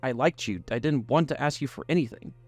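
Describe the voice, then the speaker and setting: A man's voice: mid-range voice, a little fast, husky, no echo, soft background music. A man voicing a furious young woman who accuses her best friend with bitter scorn. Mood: hurt.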